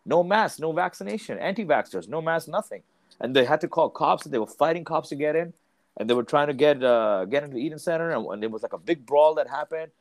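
A man's voice: on the high side, expressive, fast. A man in casual chat, ranting heatedly and swearing freely. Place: Ontario, Canada.

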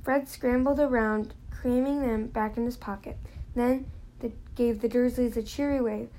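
A woman's voice: a little high, steady tone, moderate pace, warm tone, poor audio. A woman reading a novel aloud in a plain manner, now and then slipping and restarting a phrase. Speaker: reader.

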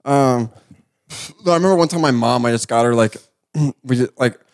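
A mid-pitched man chatting on a casual podcast. He teases his co-host and keeps breaking in with questions. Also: normal speed, darkish tone. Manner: teasing, keeps interrupting with questions.

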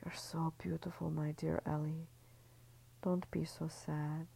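A tender, fatherly man who coos soothing words in a hushed whisper, as a woman narrator puts him on. The voice sits low and dark with a gravelly edge. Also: flat delivery, measured pace, full character voice, poor audio. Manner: soft whispered cooing.

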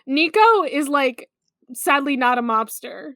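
A woman's voice: high voice, very animated, unhurried, sharp tone. A woman co-hosting a podcast in casual chat, playful and giggly, with lots of fillers. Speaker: podcast co-host.

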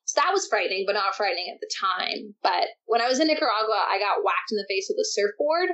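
A young woman guest on an interview, telling surf stories in a lively, animated way with frequent laughs. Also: mid-range voice, fast talker. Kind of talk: casual interview chat. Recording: dull lo-fi sound.

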